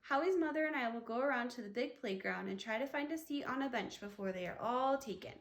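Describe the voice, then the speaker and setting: A woman voicing a kind mother who coaxes gently, in a storybook reading. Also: fairly high pitch, expressive, fast. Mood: gentle. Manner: gently coaxing.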